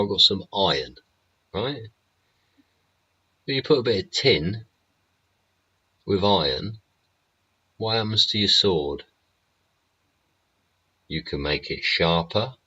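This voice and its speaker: A man's voice: on the low side, animated, slow pace, long pauses, pushed and bright, husky, lo-fi sound. A man hosting a live-stream show, talking in a rambling, blunt monologue full of swearing. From England. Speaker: show host.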